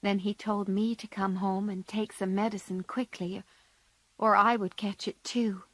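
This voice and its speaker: A woman voicing a shy, gentle young girl who speaks softly. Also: mid-range voice, little pitch movement, a little slow, no room sound, natural voice. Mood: quiet.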